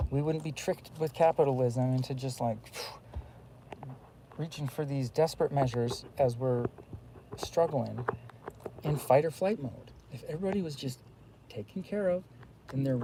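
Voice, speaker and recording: Man talking to camera, gravelly dark voice, rambles with fillers, faint hiss behind. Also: medium pitch, rough recording. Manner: rambling, many fillers and restarts. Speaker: vlogger. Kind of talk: rambling casual monologue.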